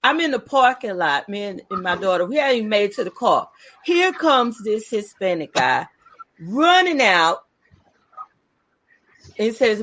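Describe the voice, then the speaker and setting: A woman's voice: mid-range voice, a little slow, long pauses. A woman hosting a casual talk show, telling stories. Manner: lively storyteller, emphatic. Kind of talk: casual chat.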